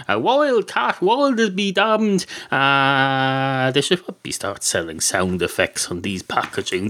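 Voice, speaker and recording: Irish male host, deadpan digressive comic monologue, mid-range voice. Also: medium pitch, a little hiss or hum. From Ireland. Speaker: podcast host.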